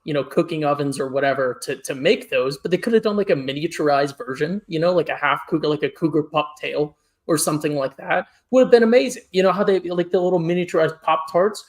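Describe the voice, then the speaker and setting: A man co-hosting a podcast, ranting in an animated, exasperated way during a casual food-ranking chat. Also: on the high side, quick pace. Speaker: podcast co-host.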